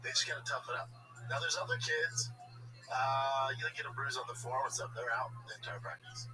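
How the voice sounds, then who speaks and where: A man's voice: mid-range voice, brisk. A man guesting on a podcast in casual chat, telling stories and acting out the voices of others. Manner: animated storyteller acting out dialogue. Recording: distant mic with music behind.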